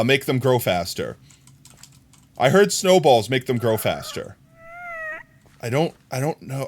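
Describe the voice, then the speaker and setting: Animated male game streamer. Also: medium pitch, slight background noise. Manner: animated, ranting, jokey asides to chat. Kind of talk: live gameplay commentary.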